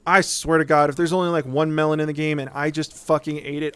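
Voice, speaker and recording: A man's voice: fairly high pitch, flat delivery, fast, a bit bright, clear, resonant tone, dry recording. A man streaming a game, rambling in a casual, profane rant and checking in with "right?" as he talks. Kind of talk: casual live-stream rant while gaming.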